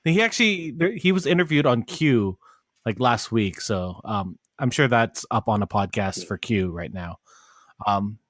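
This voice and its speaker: Clean studio audio with no room sound captures a podcast co-host whose voice runs on the low side, animated and fairly bright at a measured pace. He laughs a lot in the casual chat, rambling through fillers and restarts.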